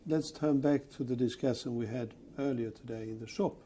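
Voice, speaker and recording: A man interviewing a colleague, often pausing to rephrase with "I mean". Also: medium pitch, fairly even intonation, noisy background. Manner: searching phrasing, frequent "I mean". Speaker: interviewer, retail executive. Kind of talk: conversational interview.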